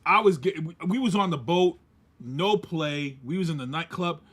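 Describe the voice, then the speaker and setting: A man, co-hosting a podcast and telling a story casually, animated and laughing as he acts out quoted voices. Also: on the high side, normal speed. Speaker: podcast co-host.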